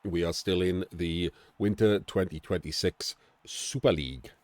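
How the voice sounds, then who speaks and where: A man's voice: low voice, fairly even intonation, a little slow, no echo. A middle-aged man in a chatty, rambling game-analysis commentary who often breaks off and restarts his sentences. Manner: rambling, chatty, self-interrupting.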